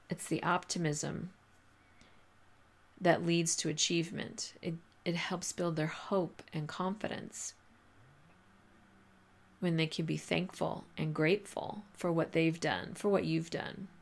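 A woman's voice: on the low side, fairly even intonation, slow, gravelly, pauses often. A woman hosting a podcast, giving teachers casual advice in a chatty, filler-heavy way and laughing often. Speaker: podcast host coaching teachers.

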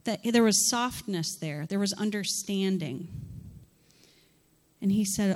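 A woman's voice: medium pitch, slow. Woman pastor preaching in a reverberant hall. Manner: animated, acts out scripture dialogue and asks rhetorical questions. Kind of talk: sermon.

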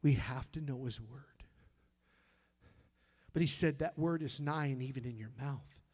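A middle-aged man preaching a fervent sermon, swinging from loud exclaiming to soft, near-whispered storytelling, repeating words when moved. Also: medium pitch, unhurried, breathy edge.

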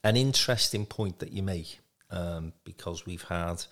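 Low gravelly guy hosting a podcast, chatty and encouraging, lots of ums. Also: measured pace. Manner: warm, encouraging, rambling with fillers. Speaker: podcast host. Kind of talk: conversational podcast interview.

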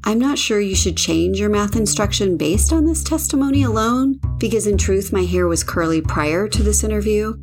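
A woman's voice: mid-range voice, animated, normal speed, few pauses, a little mellow, soft background music. A woman hosting a podcast interview over a video call, asking questions in a friendly, guiding way and now and then adding a light joke. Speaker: podcast host.

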